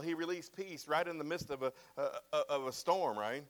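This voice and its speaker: A man's voice: high-pitched, fast, few pauses, a bit bright. A man preaching a sermon with emphatic, repeated phrases, often asking "right?" and "amen?". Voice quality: bald-headed preacher, self-described.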